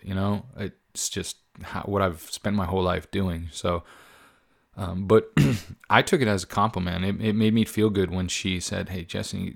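A man with a very low, deep voice hosts his own podcast, talking off the cuff. He rambles candidly, swears freely, and leans on fillers as he goes. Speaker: podcast host. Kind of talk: casual solo podcast monologue.

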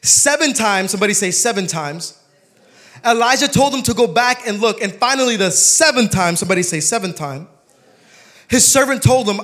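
A young man preaching a sermon, telling stories with humor and turning soft and emotional. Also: high-pitched, lively intonation, normal speed.

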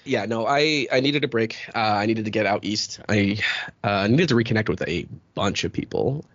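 A man's voice: fairly low pitch, moderate pace, dry recording. 30s guy hosting a podcast, rambly and open, swears a lot, dry kinda dull audio. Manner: rambling, candid, swears freely, many fillers. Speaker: podcast host. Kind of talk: casual chat.

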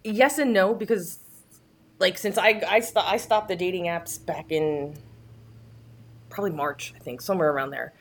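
A woman's voice: lowish voice, moderate pace. A woman talking candidly and earnestly as a guest in a casual chat, often restarting her sentences.

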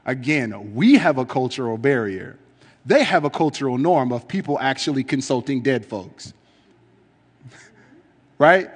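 A man's voice: medium pitch, expressive, unhurried, pauses often, slightly rough, long reverb tail. A man preaching in a casual, conversational way, reading scripture and explaining it with frequent fillers.

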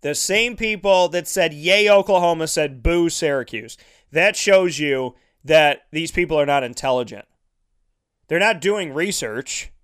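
A man's voice: fairly high pitch, animated, measured pace, fairly bright tone, clear, resonant tone. A man broadcasting a live sports talk show, ranting with heated sarcasm and lots of repetition.

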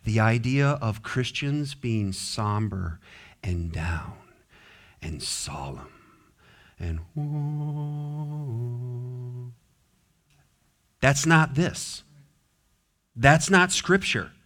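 A man preaching a sermon as pastor in a church, dropping to soft low asides and rising to loud, drawn-out exhortation. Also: sing-song. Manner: emphatic, drawn-out stressed words. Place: church sanctuary.

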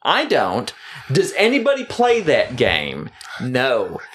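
A man's voice: mid-range voice, wildly swooping pitch, takes it slowly, a bit bright, slightly rough. A man co-hosting a casual board game podcast, ranting emphatically and with exasperation. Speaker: podcast co-host. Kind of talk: casual chat.

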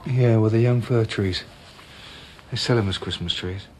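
An actor playing an easygoing young village constable who talks casually. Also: male voice, on the low side, normal speed, a little mellow, a little hiss or hum, close to an everyday voice.

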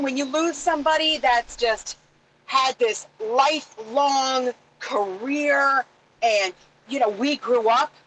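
Woman co-host, higher voice, chatty and quick to laugh, faint hiss in the background. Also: low-quality recording. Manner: warm, chatty, laughs easily, searches for words. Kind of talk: casual chat.

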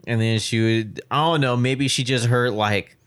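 A man's voice: mid-range voice, fairly even intonation, moderate pace, clear, resonant tone. A young man in casual chat, telling work stories in a laid-back, slangy way with plenty of swearing.

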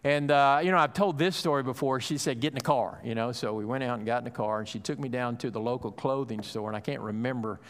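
A man's voice: medium pitch, fairly even intonation, fast talker, hardly any pauses. A pastor in his fifties preaching a sermon, telling a family story in a loose, conversational way with many fillers, then rising into urgent encouragement. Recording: long hall reverb.

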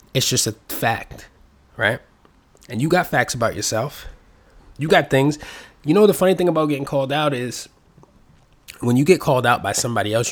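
A man talking casually and at length, rambling and cursing freely, with his voice rising and getting louder when he gets excited. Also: mid-range voice. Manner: rambling, profane, self-reflective. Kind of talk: casual solo chat.

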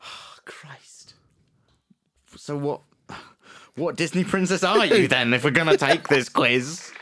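A man's voice: a little high, normal speed, sharp tone. A young man co-hosting a podcast, talking in a loose, rambling way and swearing. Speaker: podcast co-host. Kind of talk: casual chat.

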